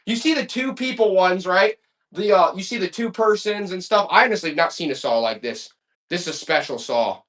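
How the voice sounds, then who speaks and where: Male live-auction host, excitable sales patter, voice that swings up and down constantly. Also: fairly quick. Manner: excitable, hyped-up pitchman with loud exclamations. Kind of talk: live-stream selling patter.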